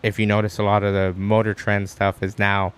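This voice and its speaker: Low-voiced male podcast guest, loose and animated storyteller, swears a lot. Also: brisk, clear, resonant tone. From Arizona, USA. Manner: animated storyteller, acts out quotes with high pitch jumps, swears freely. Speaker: guest, stand-up comic. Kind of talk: casual podcast chat.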